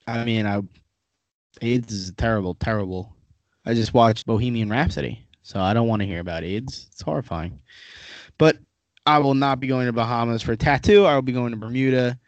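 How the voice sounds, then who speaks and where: Dude hosting a podcast, jokey and teasing, dry close mic sound. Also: male voice, mid-range voice, fairly quick, no room sound, highs cut off. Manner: joking, teasing, profane. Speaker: podcast host. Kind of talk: casual podcast chat. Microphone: studio microphone.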